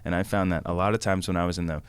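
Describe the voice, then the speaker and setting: Low-voiced man telling road stories. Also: little pitch movement, rapid-fire, clear, resonant tone, no room sound. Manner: rambling, lots of fillers and acted quotes. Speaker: podcast guest. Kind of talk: casual storytelling.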